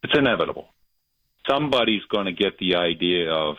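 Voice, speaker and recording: A man's voice: low voice, expressive, brisk, no echo. A man calling in to a radio show, giving his predictions with chuckles between phrases. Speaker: caller. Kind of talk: call-in radio chat. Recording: muffled phone line.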